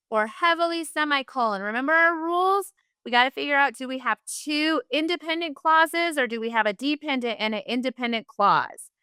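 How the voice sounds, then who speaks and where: A woman's voice: sits high, pushed and bright, no echo, clean studio sound. A woman teacher, leading a virtual class in an upbeat, encouraging way and saying "y'all".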